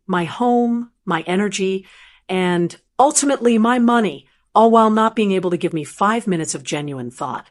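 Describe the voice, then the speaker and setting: Calm older woman narrating a story. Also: mid-range voice. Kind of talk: scripted first-person story narration.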